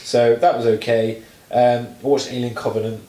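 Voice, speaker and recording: A man co-hosting a casual chat, rambling through films with lots of fillers and restarts, turning animated when he mocks something. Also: mid-range voice, moderate pace, roomy sound, recorded from a distance, slight background noise, low-quality recording. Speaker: podcast co-host.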